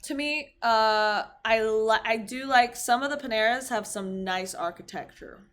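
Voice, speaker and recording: A woman's voice: on the high side, unhurried, a bit bright. A woman guest in a casual podcast chat, talking hesitantly, trailing off with fillers and restarts.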